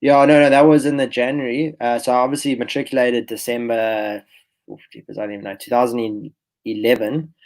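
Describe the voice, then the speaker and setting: A man in his twenties, a golfer guest on a podcast, telling his story in a relaxed, rambling way and often restarting his phrases. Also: mid-range voice, a little fast, low-quality recording. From South Africa. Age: 20s. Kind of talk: casual podcast interview.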